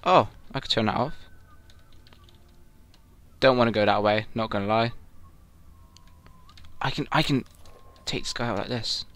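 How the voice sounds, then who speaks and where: A young man commenting on his own gameplay, excitable and swearing loudly whenever things go wrong. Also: medium pitch, a little slow, long pauses. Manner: excitable, yelling and swearing at the game. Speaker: gamer. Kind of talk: let's play commentary.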